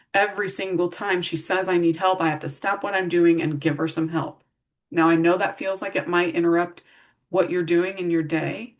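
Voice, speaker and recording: A middle-aged woman giving a casual training talk to care staff, walking through practical strategies and acting out example phrases. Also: lowish voice. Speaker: behavior support trainer. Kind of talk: recorded staff training presentation.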